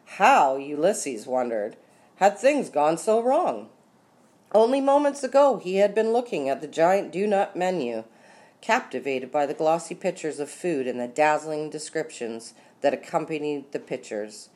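A woman narrating an audiobook story with expressive, lively delivery and slowed dramatic beats. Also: low-pitched. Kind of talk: scripted narration.

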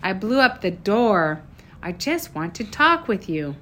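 Woman doing a stiff formal dad, measured lines, even voice, storybook. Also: mid-range voice. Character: stiff, formal grown-up father.

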